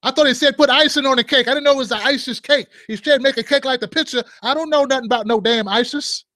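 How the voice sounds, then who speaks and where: A man's voice: very high-pitched, fast, sharp tone, no echo, studio quality, voice pushed up. Man doing a flustered, defensive baker. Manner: rambling excuses in slangy speech.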